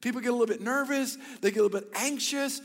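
A man in his thirties preaching a sermon, telling stories with bursts of loud emphasis and hushed, whispered asides. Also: very high-pitched, rapid-fire, long reverb tail. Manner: animated storytelling, swings between loud emphasis and hushed whispers. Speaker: pastor.

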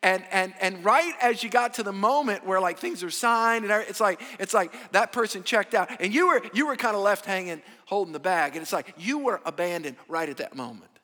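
High bright-voiced preacher in an echoing hall. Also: male voice. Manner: emphatic, drawn-out stressed phrases, swings between loud and hushed. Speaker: pastor. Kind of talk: sermon. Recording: echoey hall with long reverb.

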